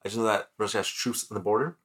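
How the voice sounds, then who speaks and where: A man co-hosting a podcast, cracking dry, teasing deadpan jokes in casual banter. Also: lowish voice, rapid-fire. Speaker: podcast co-host.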